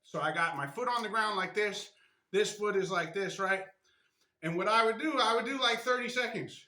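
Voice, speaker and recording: A man's voice: high voice, moderate pace, pushed and bright. Chatty man demonstrating stretches in an echoey room. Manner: chatty, repeats "right?" often. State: strained from stretching. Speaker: martial arts instructor. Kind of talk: casual spontaneous demonstration. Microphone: camera mic.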